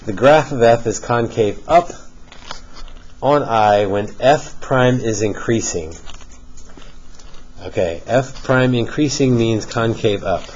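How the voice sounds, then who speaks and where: A middle-aged man teaching a calculus lesson in a classroom, explaining step by step with relaxed joking asides to students. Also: medium pitch, slow, long pauses. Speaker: math teacher. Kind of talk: classroom lecture. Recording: dull lo-fi classroom recording with faint hiss.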